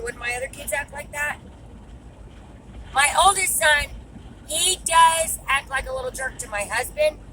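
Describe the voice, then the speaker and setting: A frustrated woman in her 30s, a vlogger and mother, vents straight to camera, bluntly exasperated and cursing freely. Her voice sits a little high. Steady traffic and outdoor noise are clearly audible, as if she's in or beside a car, and the recording is low quality.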